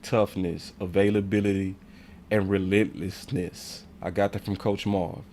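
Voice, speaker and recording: A man's voice: fairly low pitch, darkish tone, a little hiss or hum. Fired-up man ranting on sports. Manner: heated, emphatic rant with slang. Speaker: sports show host. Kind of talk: livestream sports commentary.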